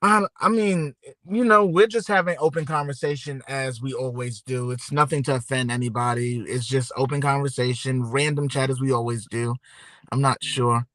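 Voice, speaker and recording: A podcast co-host with a medium-pitched, steady, slightly bright voice talks at normal speed, with no room sound. On the livestream he's laid-back and rambling, speaking casually and straight to his viewers.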